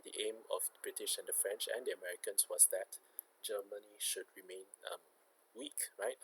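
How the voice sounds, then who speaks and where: Low husky male history teacher. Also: fairly bright tone, poor audio. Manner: explanatory, frequent "okay" check-ins. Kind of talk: recorded history lesson.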